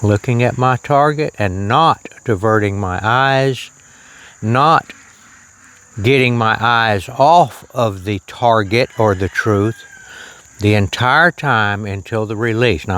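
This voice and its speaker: A man demonstrating archery outdoors on a shirt lavalier, talking slowly and plainly and drifting into preacherly reflections on faith. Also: mid-range voice, a bit bright. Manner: slow, plain-spoken, preacherly asides. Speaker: archery vlogger. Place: outdoors on a rural property.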